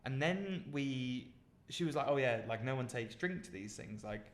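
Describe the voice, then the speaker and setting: A man's voice: medium pitch, lively intonation, normal speed. A young British man co-hosting a podcast, telling stories casually with lots of "like" and fillers. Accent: British English. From Britain. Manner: rambling storyteller with many fillers. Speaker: podcast co-host. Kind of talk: casual chat. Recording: roomy echo.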